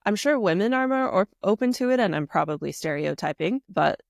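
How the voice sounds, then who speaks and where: A woman hosting a podcast, reflective and chatty, with many soft affirmations. Her voice has a strong vocal fry at a middle pitch. The recording is dry and close-miked. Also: expressive, a little fast, no room sound. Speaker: podcast host. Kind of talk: casual podcast conversation.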